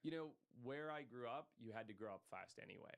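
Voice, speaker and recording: A man's voice: mid-range voice, expressive, gravelly. A man in his thirties, raised in Zimbabwe, telling his story as a podcast guest in a chatty way, with lots of fillers. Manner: rapid, chatty, frequent fillers. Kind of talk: casual storytelling. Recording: loud background noise with clicks.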